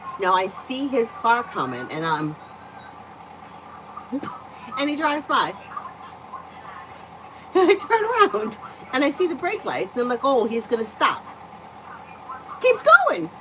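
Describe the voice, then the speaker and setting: A woman's voice: on the high side, very animated, a little slow, long pauses, noisy background. A woman livestreaming as a tarot reader, telling stories in a chatty way, laughing often and swearing freely. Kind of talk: casual storytelling and tarot reading.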